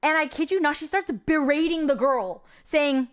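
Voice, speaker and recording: A woman's voice: high voice, normal speed, hardly any pauses. A young adult woman streamer chatting casually, telling a long story in a rambling, incredulous way with lots of fillers. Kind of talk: casual stream chat recapping a movie.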